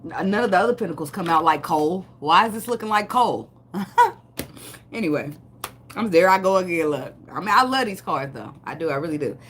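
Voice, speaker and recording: Low-voiced, profane, laughing woman. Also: animated, a little fast, a little hiss or hum. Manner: loud, laughing, profane, joking asides. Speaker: tarot reader. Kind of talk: casual tarot reading with banter.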